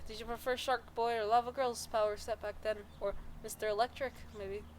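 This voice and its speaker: A woman's voice: on the high side, flat delivery, fairly quick, a little hiss or hum. A young American woman in casual banter, teasing and laughing as she tries out an Irish accent. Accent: American attempting Irish. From United States. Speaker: co-host. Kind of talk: casual chat.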